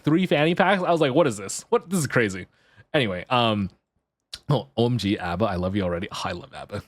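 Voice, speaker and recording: A man streaming live, chatting casually and telling a story to his chat, jumping into high excited yelps when he gets worked up. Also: no room sound, clean studio sound. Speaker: VTuber streamer.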